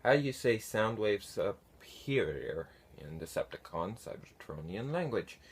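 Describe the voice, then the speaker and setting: A man casually answering viewer comments, unhurried and halting, with many fillers. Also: lowish voice, big pitch swings, slightly rough. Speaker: fan conlang vlogger answering comments. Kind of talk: casual talk to camera.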